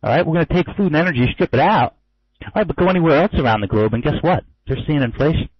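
A man's voice: fairly high pitch, animated, rapid-fire, breathy edge, no room sound, muffled recording. A man who trades forex giving a loose, casual market commentary webinar, with many fillers and wry asides. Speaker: forex trader and trading educator.

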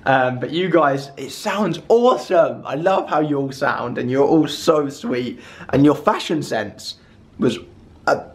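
A man's voice: mid-range voice, measured pace, vocal fry. Tired, chatty young man vlogging. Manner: chatty, excitable, rambling. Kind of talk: casual vlog chat. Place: hotel room, indoors.

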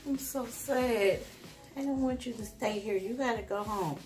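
A woman's voice: a little high, moderate pace, a little mellow, soft background music. A young woman chatting emotionally with viewers, vlogging on a handheld phone inside an animal hospital. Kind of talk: casual vlog chat.

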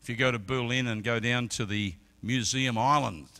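A middle-aged man preaching a sermon as an evangelist, telling stories and swinging from quiet talk to loud shouted peaks. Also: mid-range voice, steady tone, normal speed, clean tone. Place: church service.

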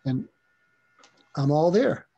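An older man speaks with a husky, mellow voice in a dry, close sound. He is a psychiatrist telling stories as an interview guest, reflective and halting, circling back on his words. The delivery is unhurried and thoughtful. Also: on the high side, sing-song, dry recording, dull audio. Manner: reflective, halting storyteller with restarts. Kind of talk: storytelling in a conversational interview.

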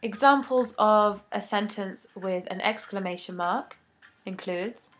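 A woman reads out an English grammar lesson at a slow, unhurried pace. Her voice sits at a middle pitch, and she delivers each rule and example in a measured, deliberate way. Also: soft background music. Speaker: English teacher.

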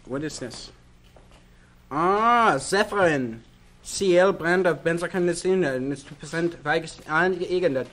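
A man's voice: on the high side, a little slow, fairly bright tone. A man playing a suspicious German customs officer in a live comedy sketch, barking out interrogating questions.

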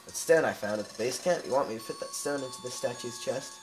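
A man's voice: mid-range voice, fast, music in the background, natural voice, low-quality recording. A man reading as an eager young partner. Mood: curious. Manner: reads the lines plainly, not acted.

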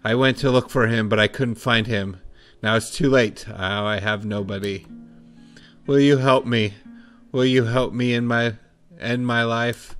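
A man's voice: medium pitch, fairly even intonation, measured pace, fairly bright tone, clean tone, faint music behind, close to an everyday voice. A man reading aloud as a despairing wounded woman in a game, pleading in a strained, raised voice.

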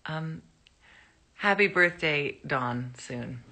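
A woman's voice: sits low, expressive, extremely slow, bright, forceful tone. A woman chatting casually to fans on a phone live stream, rambling through anecdotes and laughing as she talks.

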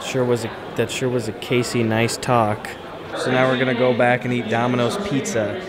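A young man and vlogger joking in a deadpan, mock-earnest way at a busy convention. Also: mid-range voice, moderate pace, loud music behind the voice. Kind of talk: joking casual vlog banter. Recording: loud crowd chatter behind.

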